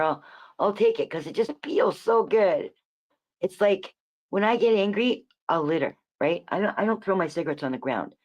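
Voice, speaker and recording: A woman's voice: deep voice, muffled recording. A woman hosting a livestream, rambling and swearing through a casual rant, often restarting her words and swinging between emphatic lines and muttered asides. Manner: profane, rambling, self-correcting. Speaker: livestream host. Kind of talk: casual ranting commentary.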